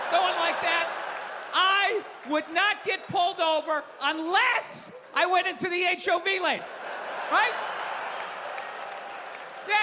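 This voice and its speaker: A man performing stand-up comedy, ranting with profanity and loud outbursts. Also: extremely high pitch, background noise. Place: comedy venue stage. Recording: live show in a large hall with audience.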